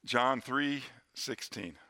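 A middle-aged man preaching a sermon in a church, earnest, slowing down and dropping to a hush on key lines. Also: mid-range voice. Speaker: pastor.

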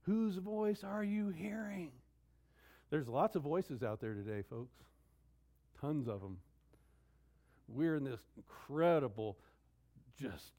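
A middle-aged man preaching a sermon, emphatic, repeating key phrases and swinging between loud declarations and hushed asides. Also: mid-range voice. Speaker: pastor.

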